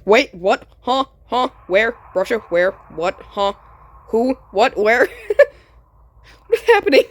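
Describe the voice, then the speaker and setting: A woman giving casual commentary while playing a game, excitable and laughing, swearing often. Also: mid-range voice, slow. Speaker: gamer. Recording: noisy background.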